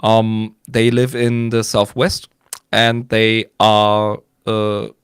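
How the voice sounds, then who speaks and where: A man's voice: lowish voice, completely flat delivery, extremely slow, clear, resonant tone, dry recording, clean studio sound. A man with a German accent chatting casually, hesitating with many fillers, swearing and laughing. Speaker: guest, German teacher living in Switzerland. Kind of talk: casual podcast chat.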